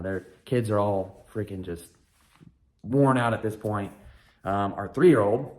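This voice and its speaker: Man in his thirties, slightly low voice, casual storytelling, candid, rambling, wry humor. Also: darkish tone. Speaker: podcast host, father.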